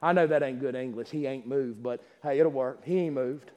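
A man preaching a sermon, who swings from loud climaxes to quiet asides and laughs while telling stories. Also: medium pitch, moderate pace. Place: church sanctuary. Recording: long hall reverb.

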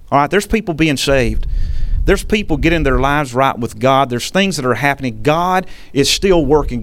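A man preaching a sermon as a pastor, speaking earnestly and conversationally, with quieter, slower passages when he leads a prayer. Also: a little high. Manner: earnest, conversational preaching with frequent "all right?" asides; dramatic paraphrase of scripture, quieter and slower in prayer.

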